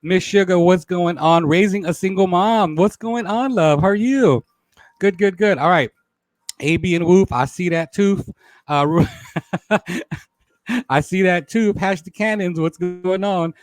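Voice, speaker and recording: A man with a high-sitting voice hosts a live stream talk show, speaking a little slowly with no room sound. Playful and laughing often, he greets viewers by name with shout-outs and says "y'all" a lot.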